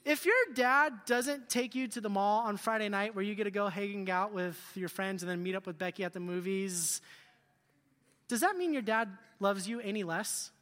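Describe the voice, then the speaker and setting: A male youth pastor preaching a sermon in an animated, joking way, asking the group questions. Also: sits high, moderate pace, long reverb tail. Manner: animated, jokey, asks the crowd questions.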